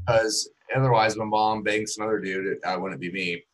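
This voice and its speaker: Low-voiced man, casual swearing chat. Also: steady tone, moderate pace, hardly any pauses, faint music behind, rough recording. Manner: swears a lot, laid-back, trails off quietly. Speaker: FPV drone pilot, stream host.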